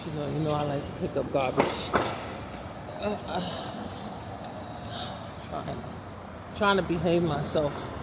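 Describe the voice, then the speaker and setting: A woman's voice: deep voice, takes it slowly, vocal fry, long pauses. Sarcastic New woman on a noisy street. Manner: talkative, sarcastic, street slang. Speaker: vlogger. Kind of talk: casual walking vlog. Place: city street outdoors, traffic passing.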